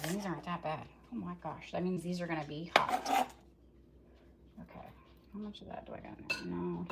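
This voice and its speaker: Gravelly-voiced woman chatting while cooking. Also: medium pitch. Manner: rambling, chatty, talks straight to viewers. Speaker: cooking vlogger. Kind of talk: casual live cooking chat. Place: home kitchen. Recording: loud kitchen chopping noise. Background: chopping and kitchen clatter.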